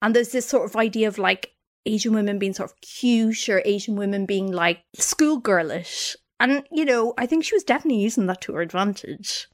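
A woman's voice: medium pitch, brisk. A woman co-hosting a chatty podcast, animatedly retelling a story and slipping into quoted voices. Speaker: podcast co-host. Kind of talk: casual storytelling chat.

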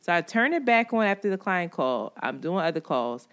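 A woman's voice: fairly low pitch, very animated, normal speed, smooth. A woman co-hosting a casual chat podcast. She tells stories with lots of energy, swears freely and laughs often. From New York. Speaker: podcast co-host.

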